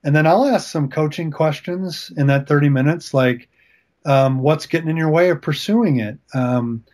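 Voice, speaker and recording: A man's voice: a little high, moderate pace, darkish tone. A man speaking as a guest author and coach in a faith-based interview, talking in an earnest, encouraging way with emphatic repetitions.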